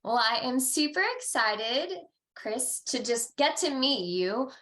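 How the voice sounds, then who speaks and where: Podcast host, woman, fairly high voice, enthusiastic and upbeat, quick to laugh. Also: animated, a bit bright. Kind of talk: podcast interview.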